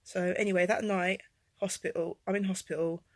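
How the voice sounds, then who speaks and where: Woman rambling through her own story, lots of ums, goes quiet then loud and high, raspy voice. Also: fairly even intonation, brisk, dry recording. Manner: rambling, with many fillers and restarts; swings from low and quiet to loud and high-pitched. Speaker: vlogger telling her life story. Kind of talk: personal storytelling to camera.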